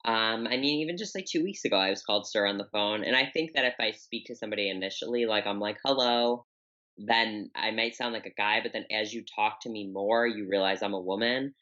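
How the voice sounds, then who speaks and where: Young woman guest, unusually deep voice, forceful tone, candid and rambling, dull lo-fi audio. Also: fast talker, hardly any pauses. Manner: open, candid, rambling with many fillers. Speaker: podcast guest, bodybuilder. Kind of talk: casual interview talk.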